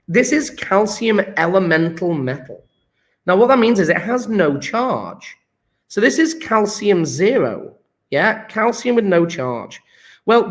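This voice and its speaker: High-voiced jokey male chemistry teacher. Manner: jokey, chatty, addresses viewers as folks. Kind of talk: casual revision lesson.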